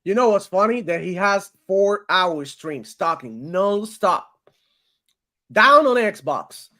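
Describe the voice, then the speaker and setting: Animated man hosting a live stream. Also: high voice, slow. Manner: animated, laughing often, swearing, calls listeners bro. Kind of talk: casual live stream commentary.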